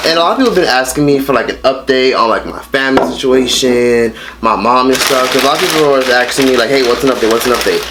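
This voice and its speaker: A man vlogging casually while he eats a meal at home, talking in a blunt and expressive way and swearing freely. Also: medium pitch, very noisy. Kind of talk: casual mukbang chat.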